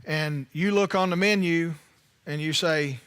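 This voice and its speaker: Guy preaching, pretty high voice for a man, lively and chatty with the congregation. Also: unhurried, clear, resonant tone. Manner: animated, conversational preaching with playful asides to the congregation. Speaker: pastor. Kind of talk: sermon.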